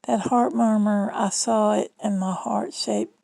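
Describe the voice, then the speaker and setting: A woman's voice: mid-range voice, little pitch movement, a little slow, vocal fry, few pauses, dark tone, dry recording, poor audio. A middle-aged woman with a Southern US accent, talking in a chatty, rambling, folksy way in a casual vlog monologue. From Southern United States. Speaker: vlogger.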